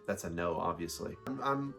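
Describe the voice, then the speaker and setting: A young man with an American accent talks in a deep voice that still bounces around a lot. He rambles loosely, trips over fillers and pokes fun at himself in relaxed couple chat. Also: moderate pace, creaky, soft background music. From United States. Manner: rambling, self-mocking, lots of fillers. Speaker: co-host, husband.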